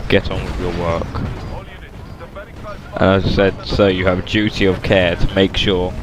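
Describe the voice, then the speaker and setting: A man, casually telling a story to his viewers in a flat, matter-of-fact way. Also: deep voice, background noise. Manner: flat, matter-of-fact retelling with plain slang. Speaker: vlogger.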